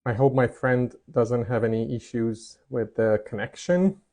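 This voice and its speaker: A man hosts a live chat stream on a clip-on mic, speaking at a medium pitch. He greets his followers around the world and answers their chat messages as they come in. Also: steady tone, a little slow. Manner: greets viewers warmly and reads chat comments aloud. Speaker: host. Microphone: mic'd up.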